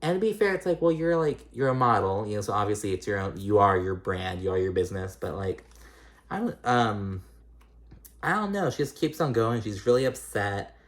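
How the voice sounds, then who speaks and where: Man, casual recap vlog, chatty, blunt, filler-heavy, sudden pitch jumps. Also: expressive, fairly quick. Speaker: reality TV recap host.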